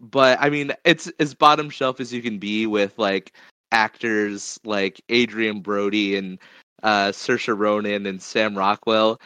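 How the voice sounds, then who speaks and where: A man with a smooth, resonant, lowish voice chats casually about movies on a podcast. He hesitates often, with plenty of ums, and laughs easily. The sound is dry and close, with no room echo. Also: steady tone, unhurried, sharp tone. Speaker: podcast co-host. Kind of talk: casual chat, movie review.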